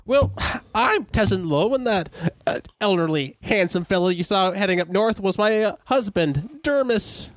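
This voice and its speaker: A man's voice: high voice, lively intonation, normal speed, few pauses, no room sound, clean studio sound, pitched above the performer's own voice. A man voicing an elderly half-elf woman, a friendly villager, with a raised, wavering old-lady voice.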